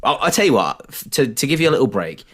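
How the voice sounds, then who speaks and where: A man's voice: mid-range voice, very animated, quick pace, a bit bright. A young British man co-hosting a podcast, telling stories in a chatty, self-deprecating way. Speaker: podcast co-host. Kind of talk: casual chat.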